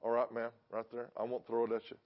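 A man's voice: medium pitch, completely flat delivery, fast. A man preaching a sermon to a church congregation, emphatic, repeating phrases and putting questions to the crowd. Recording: dull lo-fi recording.

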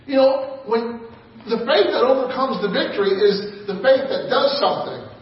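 A man preaching a sermon, leading call and response with laughter and rising shouts. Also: very high-pitched, moderate pace. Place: large church hall. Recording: echoey hall from far off, dull sound.

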